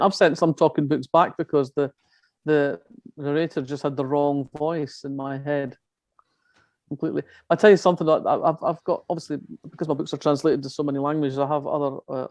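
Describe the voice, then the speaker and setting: A woman's voice: sits low, darkish tone, no room sound. An older woman from Scotland, a crime novelist, talking in a chatty way with many restarts at an online festival. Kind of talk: festival talk on a video call.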